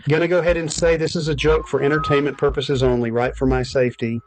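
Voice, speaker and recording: A man's voice: a little high, level tone, fast talker, background noise. A man telling a creepy story in a conversational way, often checking in with "right?". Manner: conversational, keeps adding "right?". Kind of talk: conspiracy storytelling.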